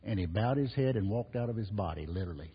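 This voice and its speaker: A man's voice: fairly low pitch, animated, fast talker, slightly rough. A man preaching a sermon as pastor, emphatic and repetitive, rising and falling in force. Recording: muffled, reverberant hall recording.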